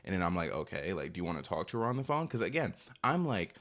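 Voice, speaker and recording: Fast-talking young man telling a story. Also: low voice, very animated, fairly bright tone. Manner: rambling, filler-heavy, self-assured. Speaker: vlogger. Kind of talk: storytime vlog.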